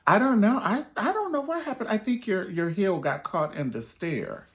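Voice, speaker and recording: A man's voice: high voice, expressive, normal speed, pitched above the performer's own voice. A man putting on the voice of a flustered woman who feigns innocence after someone falls down the stairs. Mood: feigned innocence.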